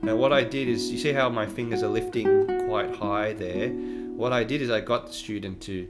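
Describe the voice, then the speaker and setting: A man giving a casual guitar lesson, explaining technique in a relaxed way and often checking in with "right?". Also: lowish voice, moderate pace. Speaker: guitar teacher. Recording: faint guitar music behind voice. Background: his own guitar playing between phrases.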